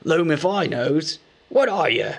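A man voicing a big, slow, suspicious male troll who talks in coarse slang. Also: fairly high pitch, animated, voice pushed up. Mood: gruff dim. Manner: coarse, slangy dialect talk.

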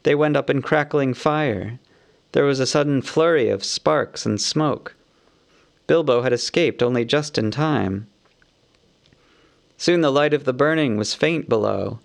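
A man narrating a fantasy audiobook in a measured, expressive storytelling manner. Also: medium pitch, gravelly.

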